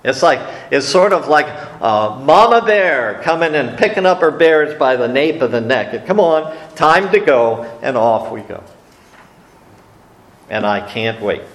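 A man's voice: mid-range voice, lively intonation, unhurried. A man teaching a sermon on scripture in a conversational, folksy way. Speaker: preacher. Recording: echoey room.

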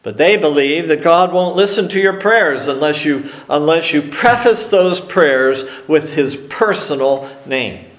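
A man preaching a sermon slowly and emphatically, with dramatic pauses on key words. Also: fairly high pitch, roomy sound. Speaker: pastor.

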